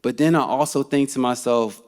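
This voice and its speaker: A man telling a funny personal story to a live audience, animated and laughing as he goes. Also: mid-range voice, normal speed. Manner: animated and comic, laughing as he tells it. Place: theater stage.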